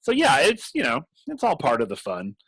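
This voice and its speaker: A man's voice: fairly high pitch, wildly swooping pitch, moderate pace, a bit bright, husky, no room sound, low-quality recording. A man in casual chat about tabletop games, rambling with restarts and laughing often. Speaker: game master and podcast host.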